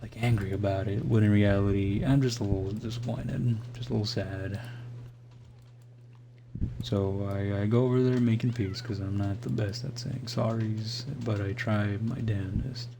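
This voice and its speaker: Gravelly young man rambling through a story. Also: on the low side, normal speed. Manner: rambling, profane, full of "like" and restarts. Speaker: streamer. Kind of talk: casual storytelling on a live stream. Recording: steady background hum.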